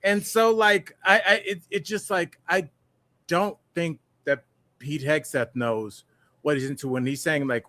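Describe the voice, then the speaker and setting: On this comedic news podcast, the male co-host keeps things casual, rambling and cracking jokes, frequently imitating tough guys. He has a slightly high, sharp voice with fairly even intonation and a measured pace, heard in a dry recording.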